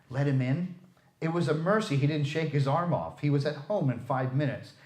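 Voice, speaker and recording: Expressive male storyteller in echoey room. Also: a little high, normal speed. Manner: expressive, theatrical. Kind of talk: dramatic story reading. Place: library room.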